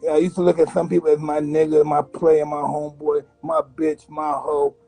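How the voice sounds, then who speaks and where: A man in his fifties from the United States, guesting in a candid interview, tells blunt, animated stories and acts out other people's voices. His voice runs on the high side at normal speed, with vocal fry and a breathy edge. Soft music plays behind him and the audio is poor.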